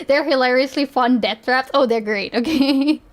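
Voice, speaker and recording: Woman streamer, high voice, giggly, rambling, casual reaction chat. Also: very animated, slow. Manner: giggly, rambling, often restarting sentences.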